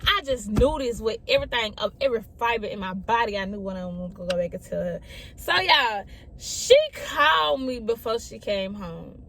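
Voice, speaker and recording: A young woman with a somewhat high voice, sharing a personal story to camera. She talks casually and repeats her lines for emphasis. She keeps turning to address her audience directly. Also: lively intonation, moderate pace, bright, forceful tone. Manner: chatty, repeats phrases, often addresses listeners as y'all. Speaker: storyteller vlogger.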